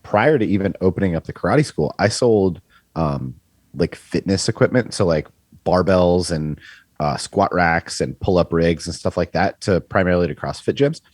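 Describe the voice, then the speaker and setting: A man with a very low, husky voice talking on a business podcast. He rambles along loosely, filling his sentences with "you know" and "like", and the sound is dry and close. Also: normal speed, darkish tone, no echo. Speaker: podcast co-host. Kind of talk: casual business podcast discussion.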